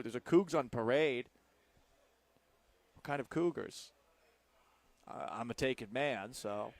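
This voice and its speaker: Playful, dry-voiced sports radio host. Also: male voice, on the high side, no echo. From Texas. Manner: playful, rambling, self-mocking. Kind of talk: sports talk radio with live ad reads. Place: radio studio. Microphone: studio microphone.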